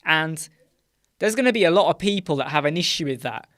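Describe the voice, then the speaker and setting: A British man from the UK runs a casual live chat stream, meandering through filler words and often finishing with "right?". Speaking from a small dark room with sound panels, his fairly high, animated voice is brisk and a bit bright, with no room sound and clean studio quality.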